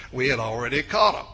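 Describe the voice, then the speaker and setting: A man's voice: mid-range voice, sharp tone. A preacher doing a folksy old Cajun fisherman. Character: good-humored old male Cajun fishing buddy. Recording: echoey hall with faint noise.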